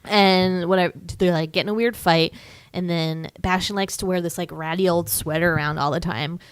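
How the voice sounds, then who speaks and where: A woman co-hosting a podcast, recapping a movie in casual chat with sarcastic asides and quick character impressions. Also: fairly low pitch, fairly even intonation, smooth, dry recording. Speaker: podcast co-host.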